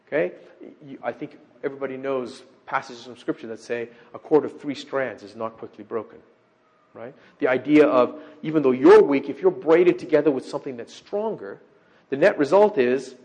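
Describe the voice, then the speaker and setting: A middle-aged man preaching a sermon, emphatic, swinging from loud declarations to quiet asides and asking repeated rhetorical questions. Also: a little high, poor audio. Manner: emphatic, rising and dropping sharply in loudness, with repeated rhetorical questions.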